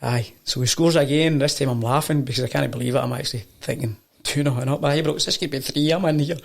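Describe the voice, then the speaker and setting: A Scottish football coach rattling through an anecdote in quick speech. His voice is gravelly, and he acts out the people he quotes. The tone is casual and chatty. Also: mid-range voice. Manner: animated anecdote-telling, acting out quoted voices. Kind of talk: casual storytelling.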